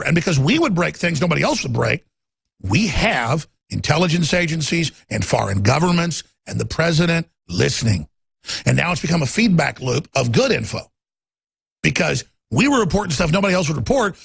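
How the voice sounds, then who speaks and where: A man hosting a talk radio show, ranting with passion and swinging between loud outbursts and low muttering. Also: vocal fry, husky, no echo, studio quality.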